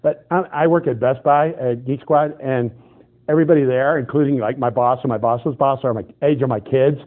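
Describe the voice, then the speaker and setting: A middle-aged man preaching a sermon, telling stories with animated, excitable bursts. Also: medium pitch, brisk. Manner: animated storytelling, shifts to loud excited outbursts. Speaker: pastor. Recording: tinny phone-like band.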